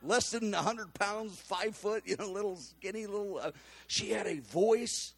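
A man preaching, telling a story in an animated way and acting out the voices of the people in it. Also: high-pitched, measured pace, gravelly, husky. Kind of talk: storytelling sermon.

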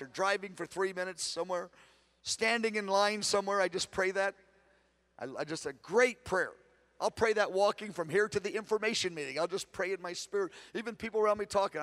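A man with a high-pitched voice teaches a conference session on prayer. He is earnest, dropping to a hushed tone for prayers and rising to emphatic preaching. He often repeats and corrects himself mid-phrase. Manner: repeats words, self-corrects.

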